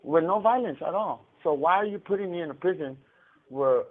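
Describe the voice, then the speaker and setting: A man on a prison phone call, casually telling a story, halting and repeating words, with an occasional laugh. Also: a little high, expressive. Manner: laughs now and then while telling. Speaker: incarcerated caller telling a story. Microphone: phone handset. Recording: tinny prison phone line.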